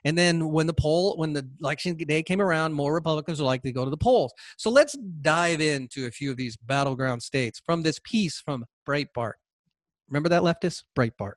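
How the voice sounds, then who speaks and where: A man's voice: fairly high pitch, fairly quick, hardly any pauses, no echo. A man hosting a podcast, delivering a combative, sarcastic political monologue that taunts imagined listeners. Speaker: podcast host.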